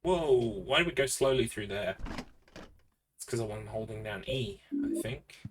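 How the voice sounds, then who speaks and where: A chatty male streamer with a fairly low voice and measured pace gives casual commentary while gaming, talking to chat between bursts of frustration. He is on a distant mic, with clear background noise.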